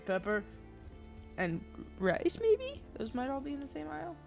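A woman's voice: high-pitched, sing-song, moderate pace, creaky, darkish tone, soft background music. A young woman playing a tabletop game, teasing and playful, narrating her character's actions. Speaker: player. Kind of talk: tabletop role-play.

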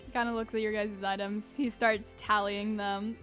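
A young woman, slowly narrating a tabletop game as game master, with lots of ums. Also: mid-range voice, little pitch movement, fairly bright tone, soft background music. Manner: unhurried, giggly, with many ums.

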